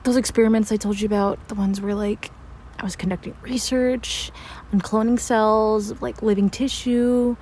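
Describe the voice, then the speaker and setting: A woman's voice: mid-range voice, fairly even intonation, normal speed, darkish tone, natural voice. A woman playing a frantic young scientist in an audio role-play, stammering, breathless and swearing. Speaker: voice actor.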